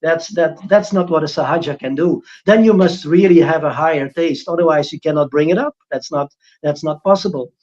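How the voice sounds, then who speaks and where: A man's voice: on the high side, a little fast, a little mellow, dull audio. Man giving a rambling spiritual talk. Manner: rambling, frequent restarts, mocking impressions of critics. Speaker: spiritual teacher. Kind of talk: informal spiritual talk on a livestream.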